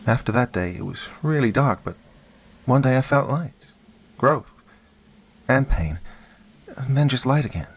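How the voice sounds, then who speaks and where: A man voicing a dead young boy who speaks softly and sadly to his father. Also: mid-range voice, animated, unhurried, long pauses, husky, pitched above the performer's own voice. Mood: gentle.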